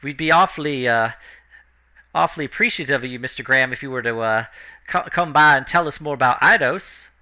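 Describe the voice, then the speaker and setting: A man's voice: medium pitch, brisk, bright, forceful tone. A man voicing an eager, fawning male villager with a Southern US twang who stammers with excessive politeness.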